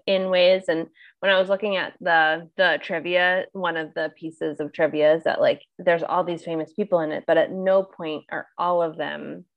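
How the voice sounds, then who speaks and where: A woman's voice: low-pitched, lo-fi sound. A woman co-hosting a casual film-chat podcast, talking loosely with lots of fillers and laughs. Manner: chatty, many fillers, laughs often. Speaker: podcast co-host.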